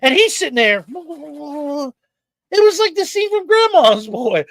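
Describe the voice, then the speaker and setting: This podcast host has a very high, creaky voice and speaks at a slow pace, yet tells his story with great energy and plenty of cursing. The casual chat has no echo.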